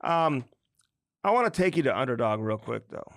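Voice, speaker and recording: A man co-hosting a casual sports podcast, bantering with his partner and reading sponsor copy and disclaimers quickly. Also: mid-range voice, big pitch swings, fairly bright tone, dry recording. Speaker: podcast co-host. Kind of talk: casual sports chat and read ad.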